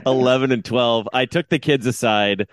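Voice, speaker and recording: A male podcast co-host in his thirties, mid-pitched, telling a story with lots of energy. He leaps into loud, acted-out shouts as he replays the scene. The sound is close and dry. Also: moderate pace, no echo. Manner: animated storyteller, acts out shouting at the umpire. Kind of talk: casual chat.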